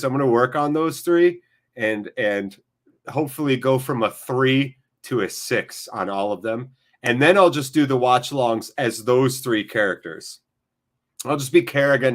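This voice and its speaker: A man's voice: mid-range voice, measured pace, a bit bright. A man hosts a casual live football watchalong while running a fever. He rambles, swears offhandedly and pokes fun at himself. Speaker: livestream host.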